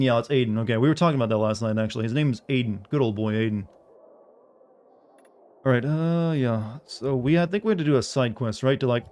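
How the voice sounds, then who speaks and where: A man's voice: medium pitch, a little mellow. A young man streaming a video game, chatting casually with viewers in a rambling way, full of filler words. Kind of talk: casual gameplay chat with viewers.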